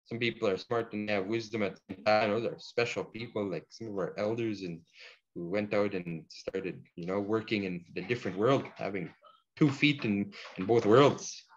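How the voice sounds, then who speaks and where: A man teaching a relaxed language lesson, slowing down to drill words and using casual fillers. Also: on the low side. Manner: slow deliberate pronunciation drills, casual fillers. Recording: dull lo-fi sound.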